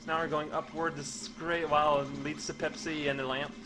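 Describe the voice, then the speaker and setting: A young man giving rambling, goofy game commentary in a deadpan way, with many stammered restarts. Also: on the high side, fairly quick, background noise. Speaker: let's play commentator.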